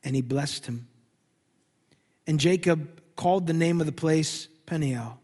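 A man preaching a sermon as pastor, dramatic, swinging from hushed tones to loud emphasis. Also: on the high side, unhurried, pauses often, husky, in a large hall.

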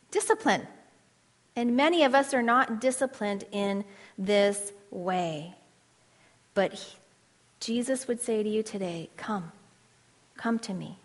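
A woman preaching a sermon, earnest and emphatic, with dramatic pauses. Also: mid-range voice. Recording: long hall reverb.

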